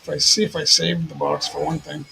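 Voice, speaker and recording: A man's voice: fairly high pitch, flat delivery, brisk, gravelly, sharp tone, a little hiss or hum, low-quality recording. A man hosting a livestream in casual chat, rambling and repeating himself. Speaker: livestream host.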